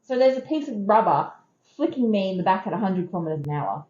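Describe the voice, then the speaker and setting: A woman's voice: medium pitch, big pitch swings, quick pace, darkish tone, echoey room, lo-fi sound. A woman in her thirties with an Australian accent, hosting a podcast and candidly telling personal stories in a conversational, emphatic way. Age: 30s. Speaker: podcast host. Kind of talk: personal storytelling.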